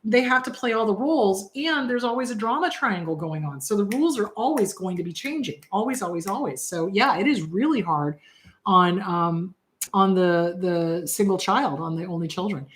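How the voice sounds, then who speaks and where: A woman's voice: mid-range voice, lively intonation, normal speed. Chatty woman therapist giving advice. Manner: chatty, direct, repeats words for emphasis. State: slightly worn-out voice. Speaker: therapist host answering viewer questions. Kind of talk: casual live advice talk.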